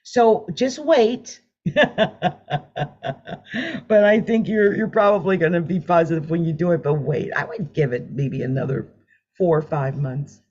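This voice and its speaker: A woman's voice: deep voice, moderate pace, pauses often. A chatty woman reading tarot cards on a live stream, laughing often and humming as she draws. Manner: chatty, animated, laughs often, hums while drawing cards. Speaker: tarot card reader. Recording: dull lo-fi sound.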